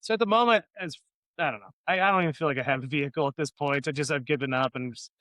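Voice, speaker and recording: A man's voice: on the high side, racing, sharp tone, dry recording. A man co-hosting a podcast, telling long profane stories in a loose, rambling way. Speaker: podcast co-host. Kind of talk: casual podcast chat.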